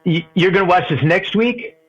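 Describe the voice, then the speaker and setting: A man calling in to a movie podcast, rambling and halting, laughing at his own stories. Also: high voice, slightly rough, muffled recording, soft background music. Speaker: caller. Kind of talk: casual phone-in chat.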